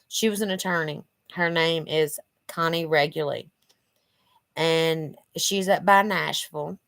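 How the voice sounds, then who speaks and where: Woman vlogger, low and unhurried, earnest and rambling, slightly stuffy nose. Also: vocal fry, no room sound. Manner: rambling, many "you know" fillers, earnest. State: stuffy from allergies. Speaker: channel host. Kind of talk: casual direct-to-camera vlog. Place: living room at home.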